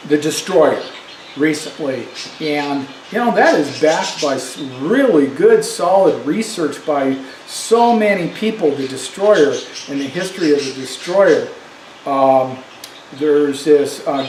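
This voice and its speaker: Brief: older male storyteller, rambling, fairly high voice, echoey room with faint hiss. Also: darkish tone. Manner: rambling, many fillers and restarts. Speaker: vlogger. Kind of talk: casual storytelling monologue. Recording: roomy echo with faint background noise.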